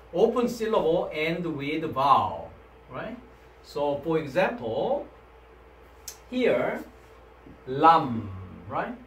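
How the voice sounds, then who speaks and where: A man's voice: a little high, fairly bright tone. A man with a Korean accent teaching a Greek language class in non-native English, checking with students by asking "right?". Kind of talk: classroom lecture. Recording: echoey room, mic at a distance, faint background noise.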